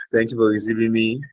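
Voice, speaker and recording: A man from Cameroon talks in a husky, lowish voice, laughing often as he switches between French, English and pidgin. The sound is dry and close, with no room around it. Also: fairly bright tone, no echo, low-quality recording. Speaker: guest blogger. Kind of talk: casual interview chat.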